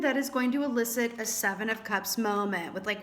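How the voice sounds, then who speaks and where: A young woman reading tarot cards for her viewers in a chatty, animated way, thinking aloud with lots of fillers. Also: medium pitch, moderate pace. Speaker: tarot reader. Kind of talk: casual tarot reading to camera.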